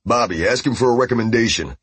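A man voicing a gruff, foul-mouthed male team leader who barks orders. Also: mid-range voice, fast talker, a bit bright, no echo. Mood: impatient. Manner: barking, profane.

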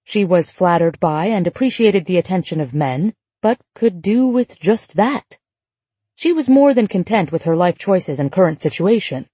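A woman reading a novel aloud in a measured, even storytelling voice. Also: lowish voice, slightly rough, no room sound. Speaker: audiobook narrator. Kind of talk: scripted narration.

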